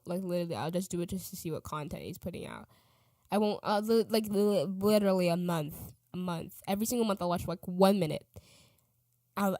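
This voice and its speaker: A woman's voice: lowish voice, a little mellow, no echo. A teenage girl hosting a podcast, chatting casually and rambling, often correcting herself and trailing off. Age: teens. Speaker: podcast host.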